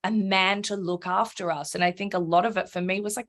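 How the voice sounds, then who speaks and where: A woman speaking as a podcast guest, frank and animated, swearing freely and acting out her own inner voice. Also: mid-range voice, brisk. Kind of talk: candid conversational interview.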